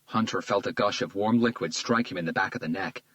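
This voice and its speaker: A man narrating a crime thriller audiobook in a steady, measured read. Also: lowish voice, dry recording, rough recording. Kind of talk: scripted narration.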